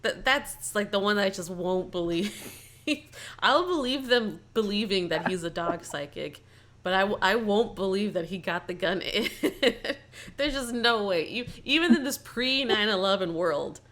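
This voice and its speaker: A young woman co-hosting a casual podcast about a movie, animated and laughing often, with frequent filler words. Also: mid-range voice, unhurried. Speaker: podcast co-host. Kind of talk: casual chat reviewing a movie.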